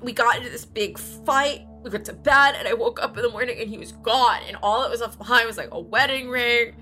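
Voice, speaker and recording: A woman's voice: a little high, fairly quick, bright, forceful tone, faint music behind. A woman playing a clueless, self-centered podcast host who rambles with lots of fillers in an improvised comedy podcast. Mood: rambling. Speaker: podcast host playing a true crime dummy.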